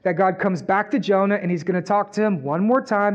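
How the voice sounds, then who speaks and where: A pastor with a high-pitched voice preaches briskly and conversationally, frequently checking in with the audience. The sound is dull and muffled.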